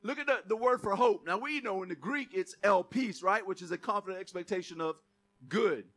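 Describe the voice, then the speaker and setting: A man's voice: high-pitched, brisk, fairly bright tone. A man preaching a sermon, calling on the congregation to repeat words and punching key words for emphasis. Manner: call-and-response preaching with asides and jokes. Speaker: pastor.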